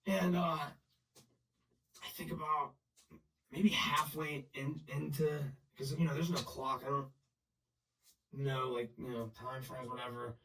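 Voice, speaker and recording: A man telling his own story in blunt, profane, halting talk full of restarts and fillers. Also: mid-range voice, fairly even intonation, a bit bright, distant mic, low-quality recording. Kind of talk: unscripted personal storytelling.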